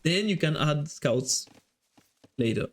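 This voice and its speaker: A man's voice: on the high side, lively intonation. Male esports caster, French accent, lightly raised voice, casual live-stream chatter. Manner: chatty, thinks aloud, quick reactions to the match. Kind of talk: live game commentary while chatting with viewers.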